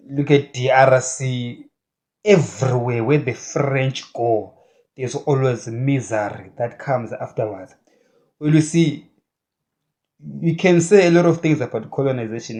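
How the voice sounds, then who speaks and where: Male political commentator, unhurried, halting, fired-up opinions. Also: mid-range voice, a little mellow. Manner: halting, many filler sounds; indignant, rhetorical questions.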